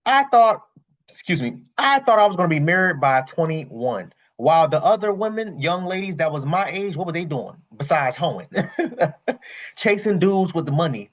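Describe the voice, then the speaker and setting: A man hosting a casual reaction commentary, rambling and candid, full of slang, repeating his points. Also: a little high. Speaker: reaction channel host.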